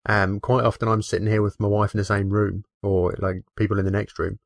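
A man's voice: on the low side, little pitch movement, fairly quick, gravelly, dry recording. A man from the UK chatting casually on a gaming podcast, dry and sweary with a matter-of-fact delivery. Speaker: podcast co-host.

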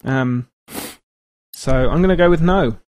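A man's voice: mid-range voice, unhurried, darkish tone, no room sound, studio quality. A man co-hosting a podcast, bantering and laughing often. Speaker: podcast co-host. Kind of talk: casual banter.

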